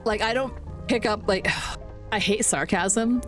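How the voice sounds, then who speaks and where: A woman's voice: medium pitch, measured pace. A woman in her forties chatting casually on a live game stream, rambling, swearing casually and laughing often. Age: 40s. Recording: faint music behind.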